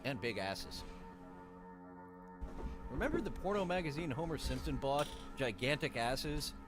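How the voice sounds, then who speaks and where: A man's voice: medium pitch, expressive, measured pace, music in the background. A man streamer chatting casually, rambling with many fillers and crude jokes. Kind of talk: casual chat.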